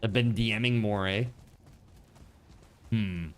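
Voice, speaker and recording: A man giving casual, excitable commentary while streaming a survival game. He swears freely, yelps in alarm and breaks into laughter. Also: lowish voice, a little hiss or hum. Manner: retells chats in quick put-on voices.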